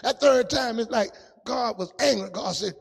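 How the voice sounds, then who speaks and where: A man preaching a testimony sermon in a sing-song style, dropping to a hush and rising to shouts. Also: very high-pitched, moderate pace, vocal fry, breathy edge, long reverb tail.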